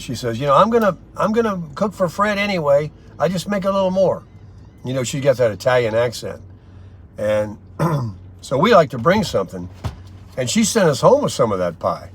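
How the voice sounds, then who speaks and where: An older man vlogging from inside a car, telling stories in a rambling, chatty way with lots of pauses and fillers. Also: mid-range voice, slightly rough. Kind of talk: casual daily vlog chat.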